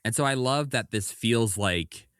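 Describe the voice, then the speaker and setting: A man's voice: medium pitch, lively intonation, unhurried, a bit bright, dry recording. A man co-hosting a podcast in casual chat, rambling enthusiastically with restarts and asides. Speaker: podcast co-host.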